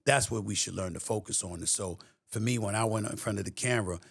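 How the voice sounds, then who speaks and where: A man's voice: on the low side, fast talker, gravelly, breathy edge, no room sound, clean studio sound. A middle-aged man with a New York accent, a guest talking in an emphatic, streetwise way in a casual interview. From New York City.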